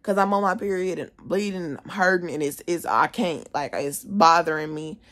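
A teenage girl telling a story from school in a casual vlog from her bedroom, animated, indignant and swearing freely. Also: on the low side, normal speed. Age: teens. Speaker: vlogger, student. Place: at home, bedroom.

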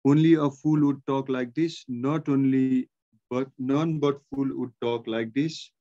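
Nepali-accented man dictating grammar slowly. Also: medium pitch, fairly even intonation, dark tone, highs cut off. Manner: slow, measured dictation, repeating sentences word by word. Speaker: English teacher. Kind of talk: exam-prep grammar lesson.

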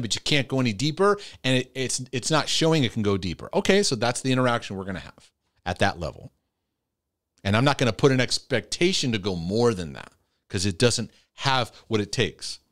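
A man's voice: mid-range voice, expressive, fast talker, no echo, studio quality. A man hosting a talk, answering viewer questions in a casual, emphatic, conversational way. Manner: conversational, gets loud and emphatic then drops soft. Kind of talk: casual faith-based advice talk.

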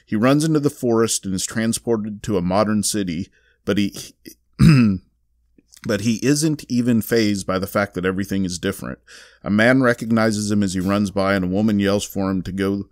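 Low-voiced Southern man recapping a comic. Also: darkish tone, no room sound, studio quality. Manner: rambling recap with many fillers and restarts. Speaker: podcast co-host reviewing comics. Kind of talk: casual podcast chat.

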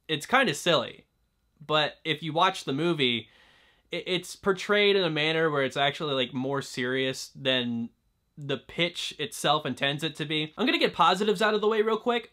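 Young man, film reviewer, casual chatty delivery, slightly high pitch, bright tone. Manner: chatty, fills talk with "like" and restarts. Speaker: movie reviewer.

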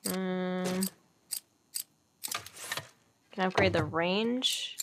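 A woman's voice: on the low side, measured pace, noisy background. Giggly woman narrating her gameplay. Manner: chatty, giggly, thinks aloud. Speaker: gaming streamer. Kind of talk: casual let's-play commentary.

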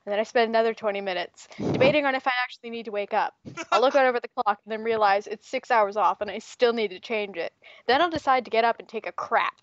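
A woman interviewing casually, teasing and giggling, with deadpan jokes. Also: a little high, fast, dry recording. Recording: dry, dull lo-fi sound.

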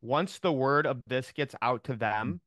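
A man's voice: medium pitch, expressive, a little slow, fairly bright tone, no room sound. Upbeat rambling man on a video call. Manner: upbeat, rambling, many fillers. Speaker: team member on a call. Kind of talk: casual chat on a video call.

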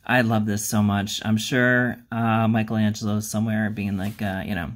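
A man's voice: on the low side, little pitch movement, a little fast, few pauses. A man hosting a miniature-painting channel, talking casually in a rambling, self-deprecating way, with plenty of ums and uhs. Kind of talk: casual hobby vlog.

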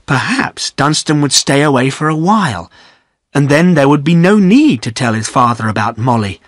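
A man narrating a graded-reader audiobook in a steady, clear storytelling manner. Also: mid-range voice, normal speed, dry recording, studio quality.

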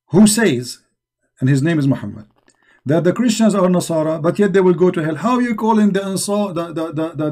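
A man's voice: a little high, darkish tone. A man hosting a live religious debate stream, mocking and emphatic, repeating rhetorical questions into a computer mic. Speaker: debate show host.

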